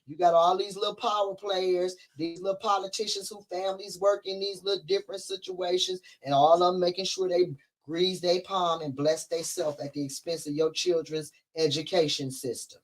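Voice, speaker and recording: A woman co-hosting a casual community podcast, talking in an animated, mocking way. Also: fairly low pitch, normal speed. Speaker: podcast co-host.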